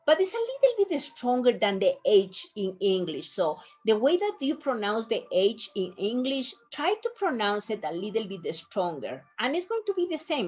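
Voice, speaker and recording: A woman teaching a medical Spanish lesson, drilling syllables by careful repetition in slightly nonstandard English. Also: medium pitch. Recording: dull lo-fi audio.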